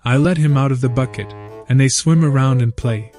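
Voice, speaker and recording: A man voicing a sly, calm male fisherman in a spoken joke, breezy and innocent-sounding. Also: medium pitch, a little fast, soft background music, lightly acted.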